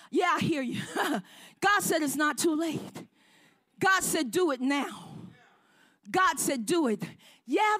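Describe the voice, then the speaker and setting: High, bright-voiced woman preaching fervently. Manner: fervent call-and-response preaching, often shouting. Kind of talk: sermon.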